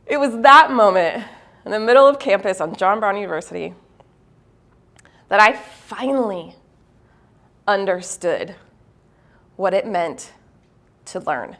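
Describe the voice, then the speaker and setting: The keynote speaker, addressing a university audience with a motivational talk, pokes fun at herself through an anecdote, laughing often. When she reaches the takeaway, she slows down and her voice turns low and sincere.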